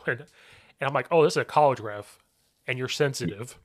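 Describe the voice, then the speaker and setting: Football coach guy telling stories, acts out the yelling, pretty dry mic sound. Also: mid-range voice, racing, no room sound. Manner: animated storyteller, acts out shouted quotes. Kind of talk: casual podcast chat.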